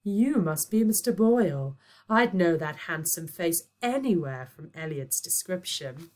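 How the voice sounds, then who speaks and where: A woman voicing a flirtatious goddess who speaks in a breathy, purring voice. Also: fairly low pitch, lively intonation, unhurried, darkish tone. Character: flirtatious goddess posing as a mum.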